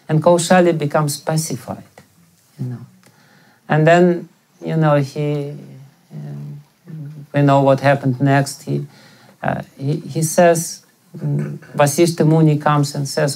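A man's voice: a little high, fairly even intonation, unhurried, gravelly, darkish tone. A male spiritual teacher giving a scripture lecture, telling a story with many hesitant fillers.

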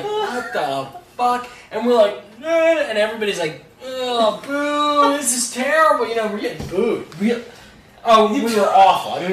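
A young man telling a rambling, profane story about a gig in a casual chat. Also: sits high. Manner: rambling, swearing, laughing storyteller. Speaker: guest songwriter. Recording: roomy, distant mic with faint noise.

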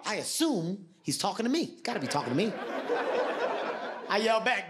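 A man doing animated stand-up storytelling with shouted bits. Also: sits high, normal speed, pauses often, a little hiss or hum. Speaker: stand-up comedian. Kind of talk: stand-up set. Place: theater stage with audience. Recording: stage mic with loud audience laughter.

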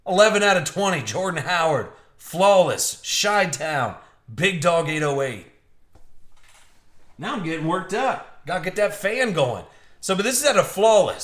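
Opening packs on a live-streamed trading card box break, a man keeps things chatty and upbeat, trading jokes with viewers. His voice leans high and a bit bright, picked up on a streaming mic with a roomy sound.

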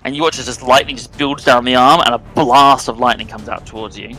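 A man narrating as game master of a tabletop game, describing scenes in a relaxed way with many fillers. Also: mid-range voice, brisk, faint music behind, rough recording.

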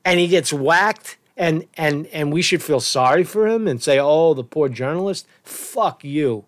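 A man's voice: on the high side, measured pace, a bit bright, no echo. A man hosting his own news commentary show, reading reports aloud and breaking off into angry, swearing, sarcastic rants. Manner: reads news aloud then rants about it. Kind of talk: casual profane news rant.

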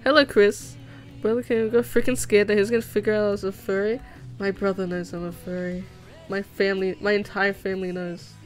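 Faint music plays behind a young animator who briskly talks with her stream chat while drawing. Her voice is medium-pitched and level in tone, and her chatter is bubbly and rambling, packed with giggles and fillers.

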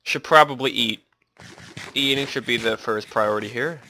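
A man hosting a casual game playthrough, muttering to himself and then breaking into yelps and shouts. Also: medium pitch, moderate pace, slight background noise. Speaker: gaming channel host. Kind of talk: casual let's play commentary.

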